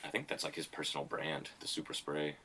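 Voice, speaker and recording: Low-voiced man telling rambling stories. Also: fairly even intonation, a little fast, bright, forceful tone, slightly rough. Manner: rambling storyteller, laughs often. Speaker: podcast host. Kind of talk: casual chat.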